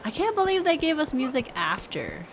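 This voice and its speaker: A young woman streams a game with music behind her, chatting casually and thinking out loud as she plays, often repeating words for fun. Her voice is high, with wildly swooping pitch, vocal fry, and a normal pace, over slight background noise.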